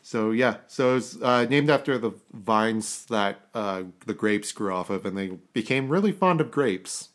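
A man's voice: lowish voice, expressive, unhurried, hardly any pauses. Rambling Canadian man hosting a history podcast. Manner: rambling, self-correcting, chuckles at his own asides. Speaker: podcast host.

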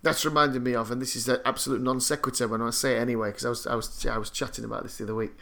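A man's voice: medium pitch, flat delivery, very fast, gravelly, fairly bright tone. A man chatting casually on a podcast, telling rambling, self-deprecating anecdotes full of restarts. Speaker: podcast co-host.

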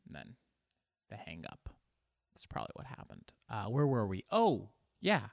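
A man's voice: fairly low pitch, very animated, moderate pace, no room sound. Male solo podcast host, rambling and self-mocking, curses often, dry close sound. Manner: rambling, self-deprecating, swears freely. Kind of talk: casual solo podcast monologue.

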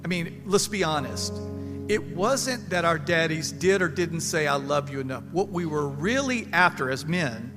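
A man's voice: on the high side, lively intonation, normal speed, long reverb tail, music in the background. A man pastor leading a church panel, speaking in an emphatic, folksy way and repeating himself. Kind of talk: church panel talk, preaching. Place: church service.

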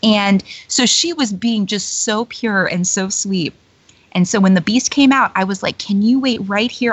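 A woman's voice: medium pitch, slightly rough, no room sound. Chatty woman telling stories, laughing. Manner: chatty storyteller, many fillers, laughs often. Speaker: guest, former theme-park character performer. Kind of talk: casual interview chat. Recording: dull lo-fi dry recording.

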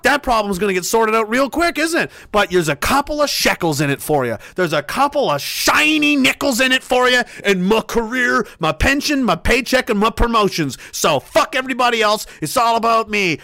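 A livestream host delivering an angry, swearing rant, dropping to a low sneer and then rising to loud shouts. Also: male voice, lively intonation, brisk, few pauses, dry recording, clean studio sound. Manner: heavy swearing, repeated hammering phrases.

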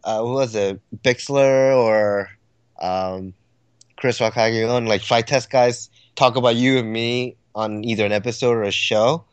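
A man co-hosting a casual podcast chat, excitable and quick to laugh as he tells stories. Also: mid-range voice, clean tone, dry recording, highs cut off. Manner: excitable, laughs often, animated storytelling. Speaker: podcast co-host.

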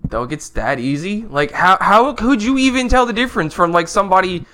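A young man co-hosting a podcast, talking in slangy casual chat with quiet muttered asides. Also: high voice, expressive, a little fast. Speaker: podcast co-host.

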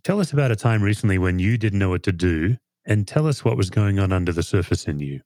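A man who works as a therapist interviews his guest, feeling his way carefully into deeper questions. His voice is slightly low and unhurried in its halting starts. The sound is dry and close-miked. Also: expressive, no echo. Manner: gentle, measured, hesitant questioning.

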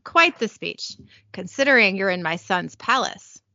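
A woman's voice: medium pitch, expressive, unhurried, vocal fry, bright, forceful tone, no echo, lo-fi sound, full character voice. A woman voicing a vain, scornful witch mother with a haughty, cutting manner. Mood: gloating.

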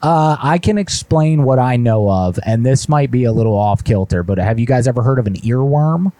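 A man's voice: medium pitch, animated, moderate pace, mellow, dry recording. A man hosting a live prank call show, folksy and mock-indignant, saying "y'all" often. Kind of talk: live-streamed prank calls and chat.

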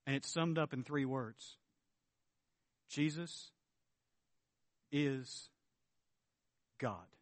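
A man preaching a sermon as pastor, emphatic, swinging between loud declarations and low, earnest tones. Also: very slow, dry recording.

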